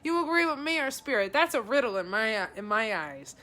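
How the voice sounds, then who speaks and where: Bright-voiced chatty woman psychic. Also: fairly high pitch, very animated, a little fast. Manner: chatty, addresses viewers by name, relays messages. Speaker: psychic advisor. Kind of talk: live-streamed psychic reading.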